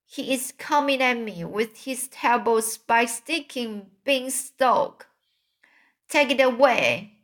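A woman's voice: fairly even intonation, extremely slow, few pauses. A woman voicing a huge, terrified male giant in a storybook reading, screaming and pleading in a raised voice. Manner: screaming, pleading, high and loud. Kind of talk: storybook read-aloud.

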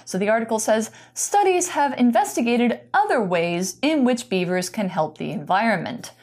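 A woman's voice: fairly high pitch, animated, moderate pace, a little mellow. A woman teaching English vocabulary, explaining patiently with casual fillers. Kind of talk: explaining vocabulary in a bilingual lesson.

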